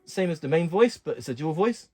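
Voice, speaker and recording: A man casually walking through keyboard functions in a relaxed, plain way, talking while he presses buttons. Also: a little high, brisk, loud music behind the voice. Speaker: keyboard tutorial host. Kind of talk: casual instructional walkthrough.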